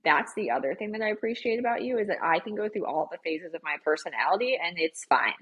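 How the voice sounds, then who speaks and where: Husky, chatty young woman. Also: fairly low pitch, fast talker. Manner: chatty, animated, over-explaining. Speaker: podcast co-host. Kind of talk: casual chat.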